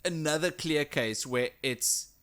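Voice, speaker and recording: A man's voice: on the high side, a little slow, fairly bright tone. A man co-hosting a casual podcast chat, teasing and joking with his partner. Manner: teasing, jokey. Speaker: podcast co-host.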